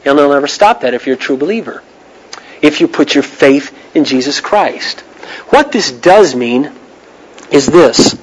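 High-voiced earnest male preacher. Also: expressive, normal speed, low-quality recording. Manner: earnest, emphatic, with pointed questions to listeners. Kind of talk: sermon.

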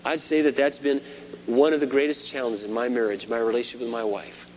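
A middle-aged pastor preaches with lively swings, punching some words loud and dropping others to near a murmur. The recording is a dull, lo-fi sermon tape with a faint hum underneath. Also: male voice, mid-range voice, fairly quick. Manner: animated preaching, shifts between loud emphasis and quiet asides.

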